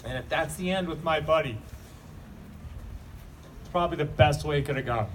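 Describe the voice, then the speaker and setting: A man's voice: fairly high pitch, normal speed. A man giving a rambling, heartfelt eulogy to a crowd at a memorial gathering, talking bluntly and casually. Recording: distant mic with noisy ambience.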